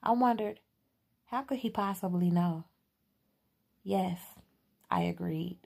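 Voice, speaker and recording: Woman reading an audiobook, low gravelly voice, pretty flat delivery. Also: moderate pace. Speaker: audiobook reader. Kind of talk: audiobook narration.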